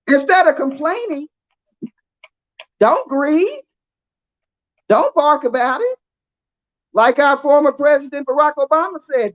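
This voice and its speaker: A woman giving an impassioned rally speech outdoors, leading call-and-response chants and repeating phrases slowly for emphasis. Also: high-pitched. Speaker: rally speaker. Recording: dull lo-fi rally recording.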